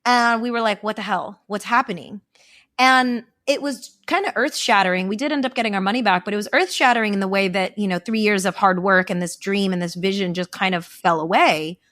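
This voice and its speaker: Young woman guest, candid storyteller, swears easily, mid-pitched, dry mic. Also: brisk, few pauses, a bit bright, no room sound. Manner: candid and profane, chatty. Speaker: guest, event founder. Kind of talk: casual podcast interview storytelling.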